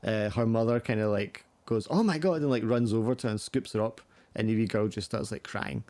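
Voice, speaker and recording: A man's voice: fairly low pitch, flat delivery, brisk, darkish tone, no echo. A man narrating a tabletop horror game as game master, rambling with many fillers.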